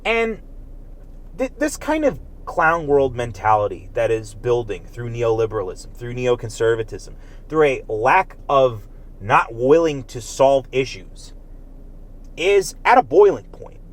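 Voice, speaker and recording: A man's voice: mid-range voice, sing-song, unhurried. A man delivering a heated, profane political rant as a commentator, emphatic and agitated throughout.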